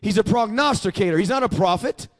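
A man's voice: high voice, quick pace. A male pastor preaching a sermon, emphatic and prompting the congregation to repeat after him.

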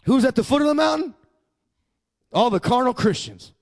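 High-voiced man preaching emphatically. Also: expressive, moderate pace, vocal fry. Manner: emphatic preaching with call-and-response prompts. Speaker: pastor. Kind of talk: sermon.

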